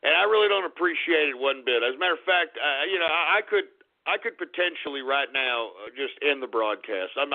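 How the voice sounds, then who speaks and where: Male radio talk host, high gravelly voice, ranting and profane, tinny phone-like audio. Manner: irate, profane, swinging between shouting and muttering.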